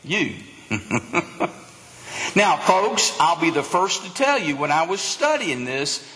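Animated preacher in a reverberant hall. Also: male voice, a little high, slow pace. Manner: animated preaching, acts out crowd voices. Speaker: pastor. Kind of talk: sermon.

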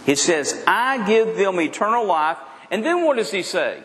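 A middle-aged male pastor preaching a sermon, asking the congregation questions and swinging his voice high and low. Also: animated, normal speed, hardly any pauses, fairly bright tone. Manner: preaching with rhetorical questions and wide swings in pitch. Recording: long hall reverb with faint noise.

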